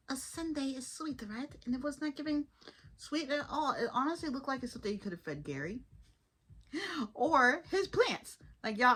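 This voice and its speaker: A woman reviewing a cartoon episode in loose, animated chat, calling her viewers "y'all." Her voice is bright and forward and sits a bit above average pitch. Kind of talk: casual commentary.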